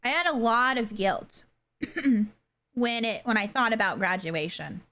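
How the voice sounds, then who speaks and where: A young adult woman chatting casually with her livestream viewers, halting and soft-spoken, with many fillers and pauses. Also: a little high, animated. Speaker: streamer.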